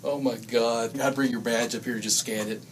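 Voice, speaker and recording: A man delivering dry, deadpan roast jokes about a coworker. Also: medium pitch, moderate pace, a little hiss or hum, poor audio. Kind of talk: joking roast.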